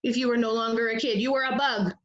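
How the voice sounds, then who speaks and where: A woman preschool teacher reading a picture book to young children, animated and asking them questions. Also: fairly high pitch, fast, muffled recording.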